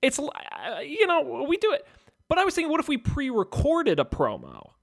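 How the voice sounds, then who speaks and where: A man's voice: very high-pitched, wildly swooping pitch, normal speed, gravelly. A man co-hosting a podcast in casual chat, easygoing and jokey as he plugs the show. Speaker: podcast co-host.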